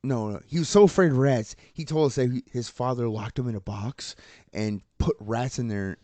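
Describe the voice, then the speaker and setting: A man co-hosting a casual pop-culture podcast, swearing freely and laughing as he excitedly retells scenes. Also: medium pitch, normal speed, no echo. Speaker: podcast co-host.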